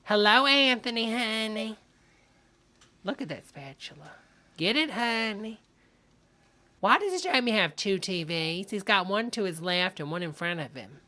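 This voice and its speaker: A woman's voice: medium pitch, lively intonation, a little slow, long pauses, sharp tone. A woman hosting a livestream, giving sassy, gossipy comic commentary and calling everyone honey. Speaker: livestream host reacting to a video.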